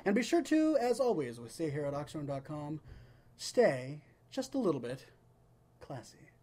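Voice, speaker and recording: A man hosting a casual live web talk show, telling stories in a chatty, animated way. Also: a little high, moderate pace. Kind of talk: casual live webcast chat.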